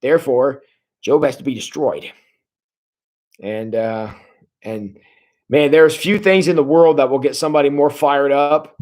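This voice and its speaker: A man's voice: mid-range voice, measured pace, pauses often, a little mellow. A man in his forties leading a casual livestream Bible study, talking in a folksy, conversational way with plenty of filler sounds. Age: 40s. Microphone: livestream setup.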